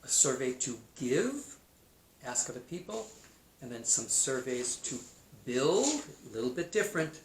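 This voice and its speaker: Male teacher, kindergarten math lesson, slow sounding-out of words, middle pitch, echoey room, faint hiss. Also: sing-song.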